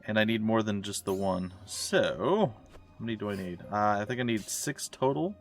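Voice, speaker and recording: A man's voice: fairly low pitch, lively intonation, moderate pace, soft background music. A man rambling casually and jokingly over his gameplay as a streamer, wandering off into side stories. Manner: chatty, self-mocking, meandering asides. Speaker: let's play streamer. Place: at home.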